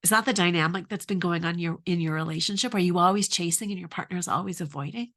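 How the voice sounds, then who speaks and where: A woman's voice: fairly low pitch, fast talker, fairly bright tone. A middle-aged woman coaching on relationships, asking earnest questions and telling her own story. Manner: earnest, asks many questions. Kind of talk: advice talk with personal story.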